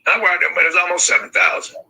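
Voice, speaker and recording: A grieving father on a phone call speaks quickly and emphatically, repeating himself. His voice is high, gravelly and husky. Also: big pitch swings, pushed and bright. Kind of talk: call-in conversation.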